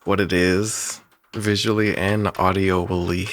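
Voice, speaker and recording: A man's voice: low voice, little pitch movement, takes it slowly, a bit bright. A man who animates and makes music, talking casually and in a rambling way through how he made a cartoon's sounds, often chuckling and restarting his sentences. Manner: rambling, chuckling, self-interrupting. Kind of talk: production breakdown talk.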